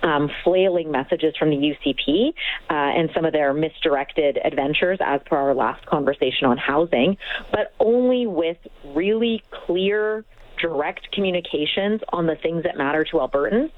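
A woman speaking as a radio panelist, making a measured argument with fillers. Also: low voice, dry recording. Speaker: political panelist. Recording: tinny phone line, dry.

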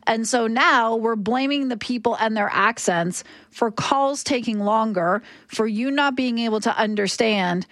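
A woman's voice: on the high side, a little slow, hardly any pauses, a bit bright, no echo, clean studio sound. A woman, arguing passionately and emphatically as a talk radio host. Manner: impassioned, emphatic.

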